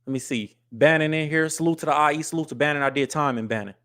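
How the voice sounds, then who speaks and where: A man's voice: fairly high pitch, quick pace, a bit bright, smooth. A man from the US West Coast hosting a live stream, talking casually and bluntly, scolding viewers and reading their comments aloud. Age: adult with wife and kids. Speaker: livestream host.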